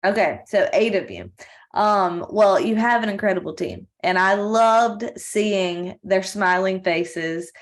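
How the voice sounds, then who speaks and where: A woman's voice: mid-range voice, lively intonation, slow pace. A woman hosting a company video call, praising and encouraging a speaker in an effusive way.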